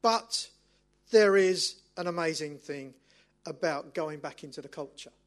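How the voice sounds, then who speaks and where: A middle-aged man, preaching a sermon as an animated, self-mocking storyteller. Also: fairly high pitch, measured pace.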